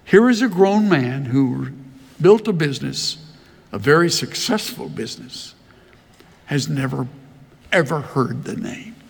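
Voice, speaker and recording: An older man preaching a sermon, telling folksy stories in a slow, easy drawl. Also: on the high side, expressive, creaky, slightly rough, in a large hall. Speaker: pastor. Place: large church hall.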